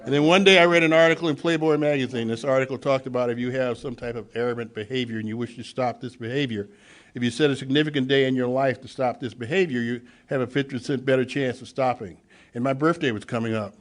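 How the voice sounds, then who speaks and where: A man speaking at a recovery meeting, telling his own story and acting out the dialogue, swinging from hushed to loud. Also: mid-range voice, fairly even intonation, fast. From Los Angeles. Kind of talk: personal testimony at a meeting.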